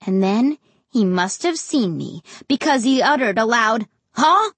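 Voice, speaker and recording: A woman narrates a first-person storybook with an expressive, dramatic delivery. Her voice sits a bit high and moves a lot. It is husky and breathy, recorded dry and close. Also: unhurried, no echo. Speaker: audiobook narrator.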